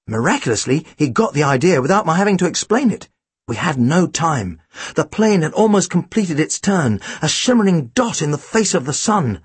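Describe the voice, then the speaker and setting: A man's voice: a little high, very animated, normal speed, breathy edge, no echo. A man reading a first-person storybook aloud with a dry, wry delivery. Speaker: audiobook narrator.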